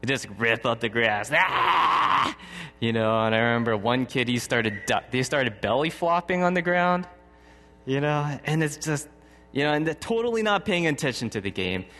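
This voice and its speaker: In a long, reverberant hall, a thirtysomething man delivers a sermon built around a personal story, chatting casually and often chuckling. He speaks at a moderate pace in an expressive, medium-pitched voice with a fairly bright tone.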